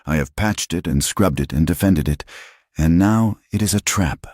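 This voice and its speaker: A man voicing a proud widowed woman who speaks sharp, clipped and defiant. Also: low-pitched, moderate pace, no echo, studio quality.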